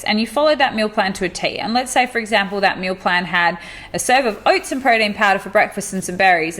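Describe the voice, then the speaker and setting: A woman with a mid-pitched voice talks as a podcast co-host and coach. She explains things at length, piling up example after example in an easy, casual way. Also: fairly bright tone. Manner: explains with long lists of examples. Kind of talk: casual chat.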